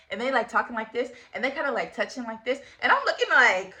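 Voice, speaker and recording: A young woman in her twenties telling a casual storytime, animated and full of slang, laughing often. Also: a little high, fairly quick. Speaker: vlogger.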